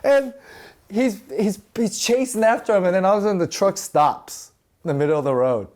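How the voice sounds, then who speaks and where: A man in his forties telling stories casually in a podcast interview, animated and laughing often as he acts out quoted voices. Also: sits high, brisk. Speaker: actor and podcast host.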